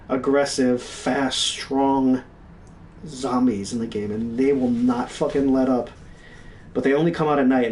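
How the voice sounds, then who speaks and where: A young man telling gaming stories in a casual, profane, animated way. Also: medium pitch, recorded from a distance, a little hiss or hum. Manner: profane, animated, reenacts his own yelling. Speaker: stream co-host. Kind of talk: casual storytelling.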